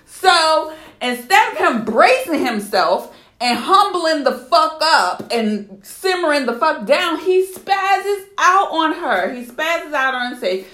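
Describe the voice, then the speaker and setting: A young adult woman hosting a solo podcast, telling a story in an animated, outraged, profane way. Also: high voice, slow, reverberant. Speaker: podcast host.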